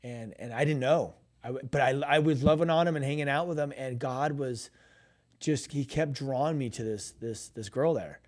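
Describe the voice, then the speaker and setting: A man chatting on a Christian radio show about his ministry. He talks loosely and animatedly, stumbles over restarts and acts out what people said. His voice sits at a middle pitch. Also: normal speed, darkish tone. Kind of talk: casual storytelling chat.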